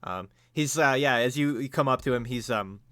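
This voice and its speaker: A man's voice: medium pitch, normal speed, fairly bright tone, no room sound, studio quality. A man narrating a tabletop game as game master, in a loose way full of fillers.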